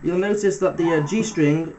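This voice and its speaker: Man teaching guitar over loud guitar. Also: a little high, normal speed, rough recording. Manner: relaxed, talks through fret numbers with fillers. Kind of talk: casual step-by-step guitar tutorial. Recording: loud guitar music under the voice. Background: electric guitar playing between phrases.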